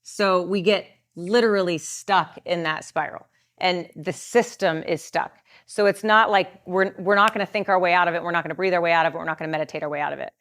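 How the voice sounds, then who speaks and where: A woman's voice: fairly low pitch, steady tone, brisk, a bit bright. A woman guest coach explaining in a masterclass talk, earnest, with many filler words and restarts. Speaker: guest coach on trauma and the nervous system.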